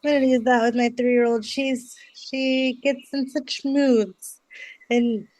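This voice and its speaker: A woman's voice: high-pitched, steady tone, slow, a little mellow, dry recording, rough recording. A young mother hosting a podcast, talking casually and reacting with enthusiasm. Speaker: podcast host.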